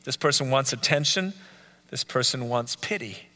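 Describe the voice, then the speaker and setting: A man's voice: mid-range voice, moderate pace, pushed and bright, long reverb tail. A man leading a live Bible study, earnestly listing traits one by one and repeating key phrases. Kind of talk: live teaching talk. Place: church meeting room.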